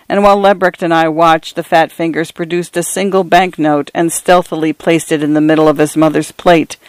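Radio story reader, woman, measured literary narration, smooth tone, dry close mic. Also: low-pitched, no echo. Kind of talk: scripted narration of short stories.

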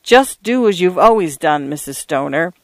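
A man's voice: on the high side, expressive, moderate pace, no echo. A man voicing a weary, cold male priest in his fifties who speaks in a dry, curt way. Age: 50s.

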